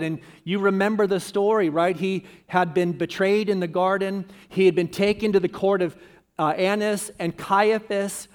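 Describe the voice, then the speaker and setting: Fervent high-voiced male pastor preaching. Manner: emphatic preaching with repeated phrases. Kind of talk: sermon.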